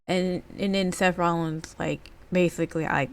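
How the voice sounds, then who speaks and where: A woman's voice: fairly low pitch, animated, normal speed, few pauses, dry recording. A woman giving a casual, rambling spoken recap of a wrestling segment, full of fillers like "basically" and "like". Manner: rambling, filler-heavy retelling.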